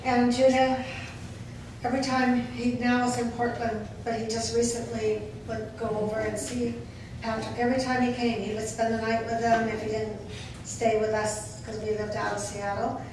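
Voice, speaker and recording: A woman's voice: on the high side, flat delivery, moderate pace. An older woman speaking at a memorial service, telling fond stories about a late friend. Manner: warm storytelling with fond laughs. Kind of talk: eulogy. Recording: echoey hall from far off, noisy.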